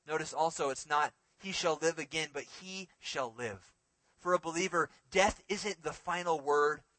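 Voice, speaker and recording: A man preaching a sermon in a dramatic way, swinging between emphatic, loud lines and hushed ones. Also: on the high side, fairly even intonation, normal speed, dry recording.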